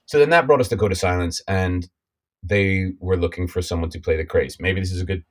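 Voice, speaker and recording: A man's voice: low voice, fairly quick. An American man working as an actor talks about his career in an interview, modest and hesitant. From United States. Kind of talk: interview conversation.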